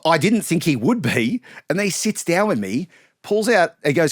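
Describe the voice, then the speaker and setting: A man in his thirties with an Australian accent, a sports broadcaster telling animated anecdotes as a podcast guest, laughing and acting out quotes. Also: a little high, moderate pace, no echo, studio quality. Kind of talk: casual storytelling chat.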